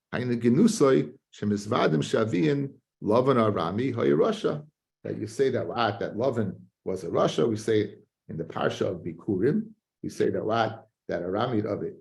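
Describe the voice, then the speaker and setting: Creaky-voiced rabbi teaching Talmud. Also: male voice, lowish voice. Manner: animated, chanting study singsong with frequent restarts. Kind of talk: Talmud class.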